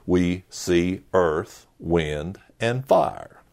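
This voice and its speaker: A middle-aged man preaching a sermon as a pastor, earnest and emphatic with dramatic pauses. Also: low voice, animated, gravelly, a little mellow.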